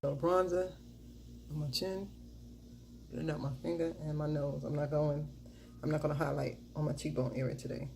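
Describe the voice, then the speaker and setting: Middle-aged woman vlogger, deep mellow voice, chatty and upbeat, recorded on a camera mic with faint hiss. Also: fairly even intonation, normal speed, gravelly, pauses often. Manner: chatty, repeats catchphrases and cheers herself on. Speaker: makeup vlogger. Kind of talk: casual makeup tutorial chat.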